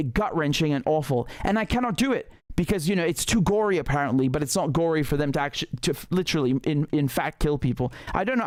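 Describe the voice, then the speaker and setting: A man's voice: fairly high pitch, clear, resonant tone, dry recording. A man giving impassioned, indignant political commentary, sarcastic at times and repeating phrases for emphasis.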